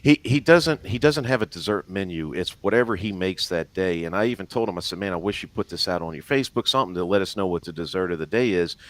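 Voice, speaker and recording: Deep-voiced Louisiana man, rambling. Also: lively intonation, fast, hardly any pauses, dry recording. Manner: rambling storyteller, self-deprecating. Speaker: guest. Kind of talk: casual live-stream chat.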